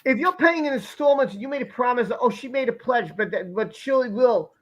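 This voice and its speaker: A man's voice: very high-pitched, expressive, fairly quick. A man hosting a live stream, asking rhetorical questions in a repetitive, casual way.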